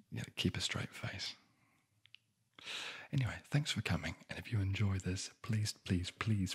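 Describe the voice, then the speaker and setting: A man's voice: deep voice, creaky, a bit bright, breathy edge. A man telling a bedtime fairy tale in a whispered ASMR style, with dry, sarcastic asides. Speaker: ASMR storyteller.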